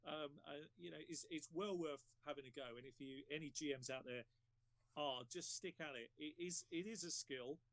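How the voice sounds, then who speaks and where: A man hosting a casual panel chat about running games, talking in an encouraging, unhurried way. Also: on the high side, fairly bright tone, no echo. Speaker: panel host.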